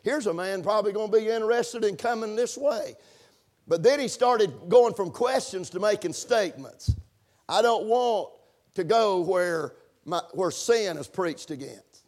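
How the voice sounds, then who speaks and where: A man preaching a sermon, punctuating his points with amens and building to shouted emphasis. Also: high voice, measured pace. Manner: preaching with call-and-response amens, rising to shouts. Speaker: pastor.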